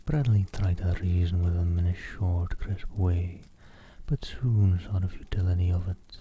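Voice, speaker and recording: A man reading a novel aloud as an ASMR streamer, in soft whispered narration close to the mic. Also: deep voice, fairly even intonation, measured pace, highs cut off, a little hiss or hum.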